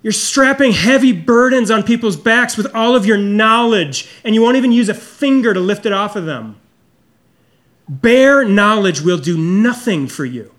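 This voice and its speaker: Middle-aged male pastor with a high-pitched voice, preaching earnestly and personally. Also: expressive, normal speed. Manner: earnest, confessional, drops low and soft for emphasis. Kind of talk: sermon.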